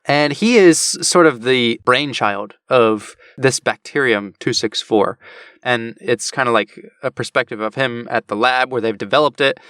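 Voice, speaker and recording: A man's voice: mid-range voice, unhurried, smooth, no room sound. Dry-voiced man laughing through a recap. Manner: animated storytelling, frequent laughter. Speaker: podcast co-host. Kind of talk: casual book discussion.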